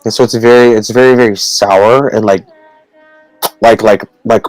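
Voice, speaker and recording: A man co-hosting a casual video call chat, teaching Tagalog words in a halting, rambling way with many fillers and frequent laughs. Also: on the low side, fairly even intonation, a little mellow, faint music behind, rough recording. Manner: laughs often between words.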